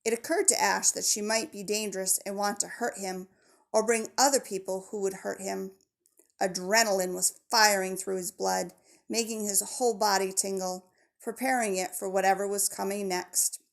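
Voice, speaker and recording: Woman audiobook narrator, mid-range pitch, gravelly edge, measured delivery. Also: fairly even intonation. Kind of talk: scripted narration of a children's novel.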